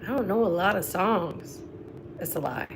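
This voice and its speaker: A woman's voice: fairly low pitch, lively intonation, normal speed, gravelly, noisy background. A woman, chatting on a live stream in a rambling, self-mocking way with laughing asides. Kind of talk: rambling casual chat between sung snippets. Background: ukulele strumming.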